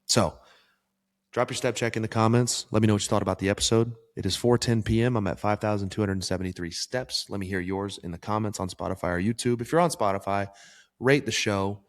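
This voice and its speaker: A low-pitched man talks straight to his listeners, coaching them through a life-planning exercise. He sounds earnest and pushes hard, dropping a swear word now and then for emphasis. His voice rings with a long reverb. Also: brisk. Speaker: podcast host. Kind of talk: solo motivational podcast talk.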